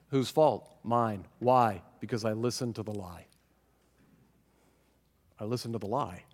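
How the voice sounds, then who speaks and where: A man preaching a sermon as pastor, animated and self-mocking, laughing often as he talks. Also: medium pitch, in a large hall.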